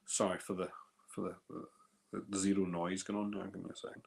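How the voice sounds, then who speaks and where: A man's voice: deep voice, level tone, a little fast, gravelly. A Northern Irish man hosting a whisky festival live stream, chatting casually and rambling, often repeating words. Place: live video call.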